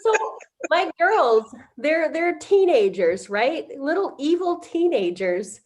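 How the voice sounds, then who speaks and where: Woman, middle-aged, fairly high voice, halting, lots of ums, casual storytelling. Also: big pitch swings, a little mellow. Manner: halting, full of fillers and restarts. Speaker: interviewee.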